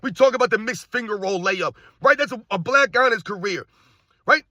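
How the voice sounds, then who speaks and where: A man hosting a sports commentary show, ranting in a heated, repetitive way and firing off exasperated rhetorical questions in a husky voice. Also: high voice, brisk, bright, forceful tone, no echo.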